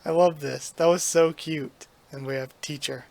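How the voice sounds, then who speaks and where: A man's voice: on the high side, steady tone, normal speed, gravelly, a little mellow. A man reading a manga aloud for his channel, with enthusiastic commentary and a slightly strained voice. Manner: enthusiastic, laughs at the story.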